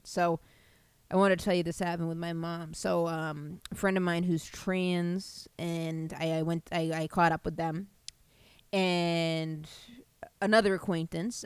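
A woman tells a comic story at a loose, rambling pace, swearing freely and leaning into animated asides. The recording is close and dry, with no room sound, and has the feel of a home podcast mic. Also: lowish voice, clean tone, dry recording.

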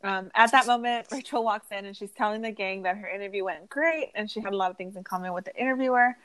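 A woman's voice: mid-range voice, fast talker, low-quality recording. Laughing woman recapping an episode. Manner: laughs often, animated storytelling. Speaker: podcast host. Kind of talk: casual chat and episode recap.

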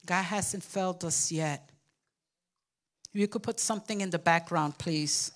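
An older woman pastor preaching a sermon with emphatic call-and-response to the congregation, sometimes acting out babbling toddlers. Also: measured pace. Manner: acts out babbling toddlers in a squeaky voice.

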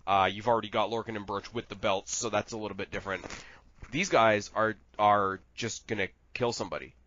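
A man co-hosting a podcast in casual wrestling chat, animated and rambling, swearing freely. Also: lowish voice, fairly quick, lo-fi sound, a little hiss or hum. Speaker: podcast co-host.

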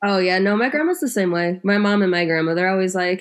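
A woman's voice: medium pitch, quick pace, few pauses. A young adult woman in casual chat as a podcast co-host, rambling with lots of "like" and restarts.

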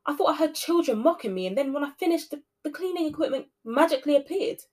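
A woman's voice: high voice, animated, fast, darkish tone, pitched above the performer's own voice. A woman playing a flustered, anxious office cleaner who exclaims and calls out in a frantic way. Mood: suspicious.

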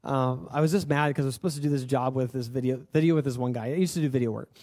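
A man's voice: medium pitch, steady tone, racing, warm tone. A young man preaching a sermon, telling a personal story in an earnest, conversational way with lots of filler words. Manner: earnest and confessional. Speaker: pastor.

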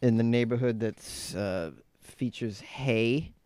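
A man from New England, a comedian guest, chatting casually on a podcast and slipping into rough put-on accents. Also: mid-range voice, slow, darkish tone, no room sound.

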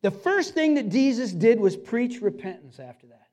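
A man's voice: extremely high pitch, sing-song, moderate pace, darkish tone. A man preaching a sermon as pastor, emphatic and repetitive, speaking straight to his listeners.

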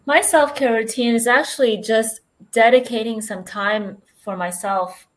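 A woman's voice: fairly high pitch, unhurried, soft background music. A woman who works as a transition coach, answering interview questions in an earnest, reflective way.

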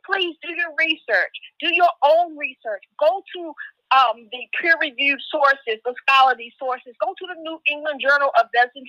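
High, bright woman preaching over a muffled line. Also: no echo. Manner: emphatic, repeats appeals. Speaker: podcast co-host. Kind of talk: preachy podcast exhortation.

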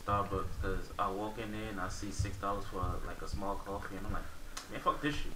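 A man's voice: lowish voice, fairly quick, far from the mic. A man co-hosting a casual podcast who jokes around and cuts in with blunt remarks. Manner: joking, blunt interjections. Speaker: podcast co-host. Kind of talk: casual banter. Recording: echoey, off-mic, crowd noise.

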